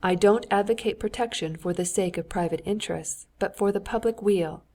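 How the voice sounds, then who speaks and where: Pedantic older statesman, read by a woman, audiobook, measured and lecturing. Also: medium pitch, darkish tone, close to an everyday voice. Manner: deliberate, lecturing.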